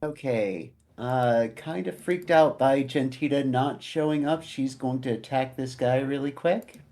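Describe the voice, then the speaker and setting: A man playing a tabletop game, thinking aloud in a hesitant way with many pauses. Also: medium pitch, dark tone. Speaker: player. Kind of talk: tabletop game play over voice chat.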